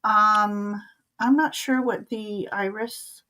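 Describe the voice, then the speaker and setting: A woman co-hosting a live stream, giving casual oracle card readings in a hesitant way with frequent ums and soft laughs. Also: mid-range voice, steady tone, takes it slowly, slight background noise, rough recording.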